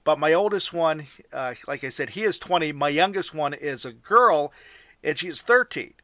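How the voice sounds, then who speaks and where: A man's voice: fairly high pitch, expressive, normal speed, sharp tone, no echo, studio quality. An American man in his forties, a father, hosting a casual chat and speaking earnestly with frequent restarts. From United States. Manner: earnest, repeats words when starting.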